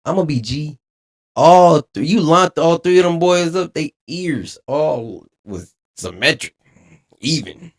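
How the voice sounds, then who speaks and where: Man, streamer, animated preachy rant, laughing. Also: fairly high pitch, takes it slowly. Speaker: streamer reacting to a clip. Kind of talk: casual reaction commentary.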